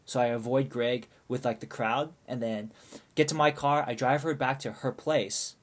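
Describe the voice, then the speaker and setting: A man recounting a long story in loose, casual chat. He rambles, restarts his sentences and piles on asides as he goes. His voice sits at an ordinary pitch. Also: normal speed. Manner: rambling, animated, many restarts. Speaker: storyteller asking for advice.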